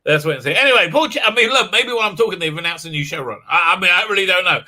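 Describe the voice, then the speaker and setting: A man's voice: sits high, rapid-fire, sharp tone. A man with an Israeli accent hosting a casual live stream, rambling and swearing, laughing often and reading viewer comments aloud. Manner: rambling, profane, laughs often, many fillers. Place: home office.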